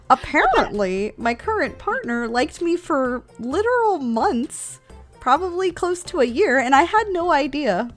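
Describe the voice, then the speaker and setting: A woman's voice: high-pitched, sing-song, unhurried, soft background music. A woman guest in a casual chat, laughing and self-mocking as she tells stories.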